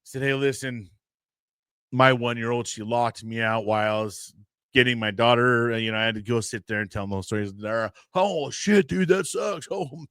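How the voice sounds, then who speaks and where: Fairly quick and lowish in pitch, this young American man hosts a podcast and rambles through a casual story, acting out others' words with animation. His tone is clean, with no room sound and studio-quality recording.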